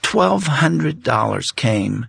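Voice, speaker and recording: An older man telling a personal faith story as a talk show guest, unhurried and reflective, pausing on fillers. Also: mid-range voice, very animated, creaky, fairly bright tone, husky, no room sound.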